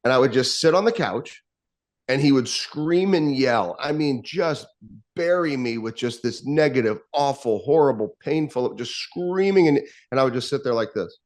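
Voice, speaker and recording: A man's voice: mid-range voice, animated, moderate pace, a little mellow. Candid man telling a personal story. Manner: candid, reflective, acts out quoted lines.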